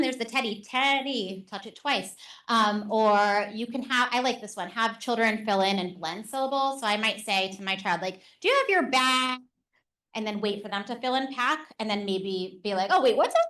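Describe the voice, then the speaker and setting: A woman teacher and reading specialist giving a live workshop to parents and educators in a session room. She speaks in an animated, conversational way with frequent "um" fillers. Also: mid-range voice.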